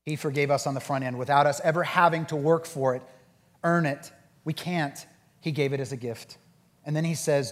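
Guy pastor preaching, lively, acts out voices, kinda high voice, big echoey hall. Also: fairly quick. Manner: animated, acts out quoted voices. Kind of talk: sermon with group discussion.

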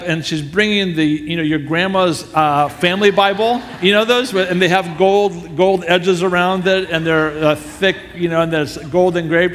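A man telling a story as a sermon, animated and acting out the people he quotes. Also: fairly high pitch. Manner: animated storyteller who acts out quoted voices. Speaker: speaker telling a story to a church audience. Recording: long hall reverb.

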